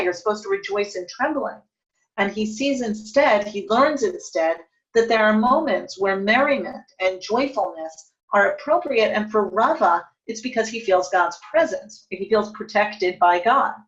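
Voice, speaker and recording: A woman's voice: mid-range voice, dull audio. A woman teaching a Talmud study lesson, reading passages aloud and translating them, thinking aloud and correcting herself as she goes. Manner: thinks aloud, self-correcting with fillers and restarts.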